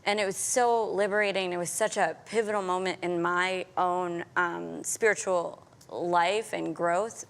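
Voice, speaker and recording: A woman hosting an interview, who reflects on her own experience and warmly affirms her guest. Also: fairly low pitch, fairly even intonation, measured pace, creaky, hardly any pauses. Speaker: host. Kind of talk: conversational interview.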